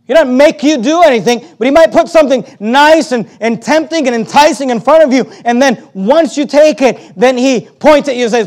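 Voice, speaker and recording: A man preaching a sermon, swinging between loud emphatic surges and quieter explaining, with lots of repetition. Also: very high voice, fairly quick, few pauses. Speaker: pastor.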